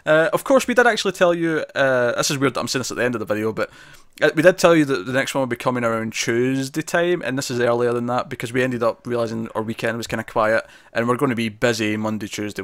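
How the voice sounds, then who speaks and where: A man's voice: mid-range voice, fairly bright tone, no room sound. A Scottish man co-hosting a TV review show, chatting casually and rambling, laughing often.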